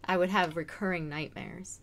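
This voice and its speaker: A woman co-hosting a live interview, asking short quiet questions. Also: on the low side, fairly even intonation, normal speed. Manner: quiet, brief questions, sometimes drops off. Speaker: co-host.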